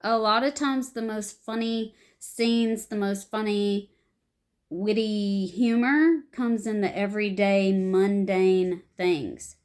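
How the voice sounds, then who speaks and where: A young woman explaining improv to beginners, animated and acting out short example lines. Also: mid-range voice, slow pace. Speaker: improv teacher.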